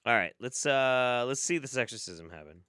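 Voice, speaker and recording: A man's voice: medium pitch, expressive, moderate pace, sharp tone, clear, resonant tone, no room sound, soft background music. A man hosting a live stream, casually reacting to clips with laughter, swearing and rambling asides. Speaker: streamer host.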